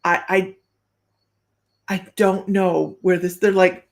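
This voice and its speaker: A woman's voice with a gravelly, fry-edged texture, doing a psychic reading on a casual live stream. She talks in a loose, rambling way and laughs often between thoughts. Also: lowish voice, little pitch movement, takes it slowly. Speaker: psychic medium.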